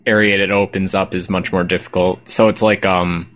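Rambling, low-voiced man in casual chat. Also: level tone, normal speed, fairly bright tone. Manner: rambling, hesitant, with frequent ums and swearing. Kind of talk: casual chat about video games.

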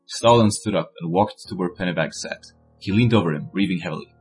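Brief: deep male voice, deadpan comic reader, faint music underneath. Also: fairly quick. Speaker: stream co-host reading fan fiction. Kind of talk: comic dramatic reading.

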